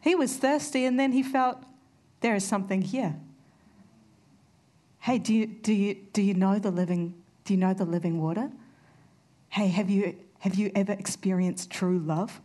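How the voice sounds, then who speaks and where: A woman's voice: mid-range voice, moderate pace, mellow. A woman preaching a sermon, earnest and conversational, telling personal stories. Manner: earnest, storytelling with conversational asides.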